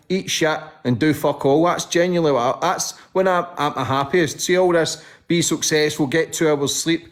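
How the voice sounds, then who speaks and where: A man interviewing a guest in a casual chat, talking frankly and swearing often. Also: a little high. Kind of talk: casual conversation.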